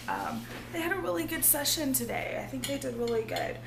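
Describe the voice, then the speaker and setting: A woman, hoarse and losing her voice, talking casually and earnestly to her viewers in a rambling vlog, often laughing. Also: sits high, sing-song, normal speed, hardly any pauses, background noise. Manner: rambling, earnest, laughs often, drops to a near-whisper at times. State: losing her voice, feeling ill. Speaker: vlogger.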